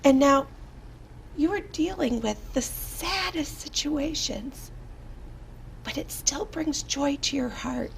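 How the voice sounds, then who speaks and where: A woman's voice: high-pitched, slow, gravelly, slight background noise. A woman hosting a talk show interview, supportive and responsive, with frequent affirming murmurs. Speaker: host.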